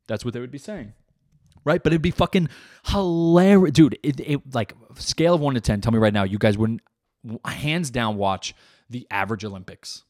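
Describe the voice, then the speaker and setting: Young man, podcast host, casual comedy monologue, swears constantly, mid pitch, dry sound. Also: expressive, normal speed, darkish tone, no echo. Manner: rambling, heavy swearing.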